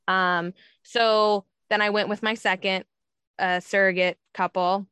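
A woman's voice: mid-range voice, level tone, unhurried, fairly bright tone, clean tone, dry recording. A woman talking casually about being a surrogate. She laughs often and acts out what other people said. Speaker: surrogate mother telling her story. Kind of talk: casual storytelling chat.

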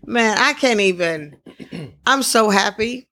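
A podcast host from the Midwest, chatting casually in an excitable, rambling, celebratory way. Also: mid-range voice, slow.

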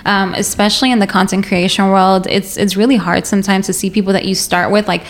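A woman's voice: mid-range voice, flat delivery, quick pace. Open, chatty woman content creator. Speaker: podcast guest, content creator. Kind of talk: casual chat.

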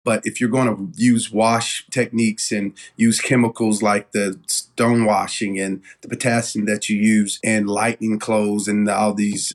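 A middle-aged man, an interview guest telling stories in casual chat, animated and full of fillers. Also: lowish voice. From Southern United States. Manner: animated storyteller, lots of fillers. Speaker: guest, denim company owner.

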